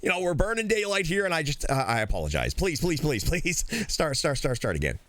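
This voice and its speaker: A man's voice: a little high, very animated, brisk, fairly bright tone, dry recording. A man playing an eager, overpolite thirtysomething guy. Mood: apologetic. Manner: deferential, keeps calling others sir. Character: eager, overly polite man in his mid-thirties. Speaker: role-play streamer. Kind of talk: game role-play.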